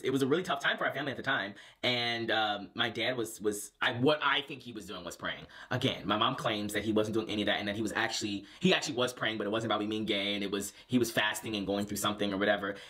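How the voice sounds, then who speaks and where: Animated young man telling a personal story. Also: lowish voice. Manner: animated, lots of fillers and restarts. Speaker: vlogger. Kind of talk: casual storytelling.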